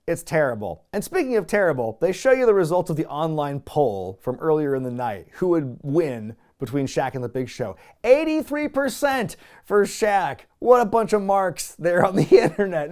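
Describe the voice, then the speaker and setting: A man's voice: on the high side, big pitch swings, moderate pace, a little mellow. A man hosting a casual wrestling review show, recapping matches with wry, chuckling asides. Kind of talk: casual commentary.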